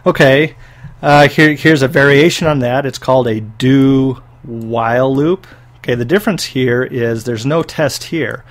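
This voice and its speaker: A man's voice: medium pitch, a little slow. A man giving a recorded university programming lecture, explaining step by step and often checking in with "okay". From United States.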